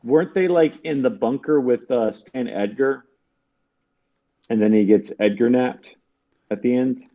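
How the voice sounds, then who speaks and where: A man's voice: medium pitch, measured pace, long pauses, lo-fi sound. A man co-hosting a casual podcast chat, talking hesitantly with lots of fillers. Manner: hesitant, many fillers and restarts. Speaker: podcast co-host.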